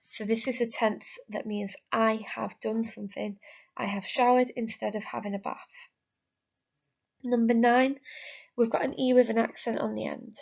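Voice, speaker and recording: A woman's voice: on the high side, creaky, a little mellow. An English woman teaching a language lesson, explaining grammar step by step in a patient, methodical way. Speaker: Spanish teacher. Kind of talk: recorded remote lesson. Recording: lo-fi, dull sound.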